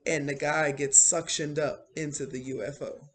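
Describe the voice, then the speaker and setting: A woman's voice: deep voice, steady tone, moderate pace, background noise. A woman casually retelling a movie plot, rambling with many fillers such as "like" and "um". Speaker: channel host recapping a movie. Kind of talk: casual spoken movie recap.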